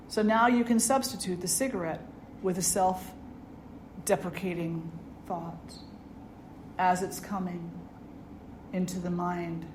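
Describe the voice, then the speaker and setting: A middle-aged woman, a spiritual teacher, giving an earnest dharma talk and telling stories with gentle humor. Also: lowish voice, steady tone, takes it slowly, pauses often. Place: ashram hall. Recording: echoey room with faint noise.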